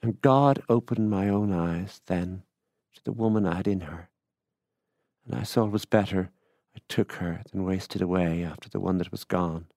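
A man's voice: low voice, normal speed, darkish tone, dry recording, clean studio sound. A man voicing a rueful country widower. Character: middle-aged rural widower, rueful and plain-spoken.

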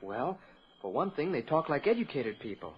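A man's voice: medium pitch, very animated, normal speed, breathy edge. An actor playing a polite, earnest teenage boy in a 1940s radio drama. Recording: dull old radio broadcast.

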